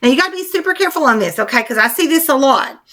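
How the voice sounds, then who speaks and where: A woman's voice: high-pitched, expressive, racing, pushed and bright. A woman teacher leading young children through a spelling lesson, coaching them patiently in a sing-song classroom manner.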